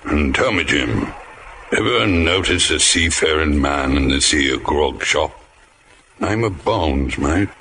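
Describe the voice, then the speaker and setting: Gruff old pirate stranger, very deep, slow, tense; 1940s radio style. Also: male voice, lively intonation, bright, forceful tone, a little hiss or hum, full character voice. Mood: menacing. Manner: gruff, slow, prying sea-dog growl. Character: menacing grizzled old male pirate stranger.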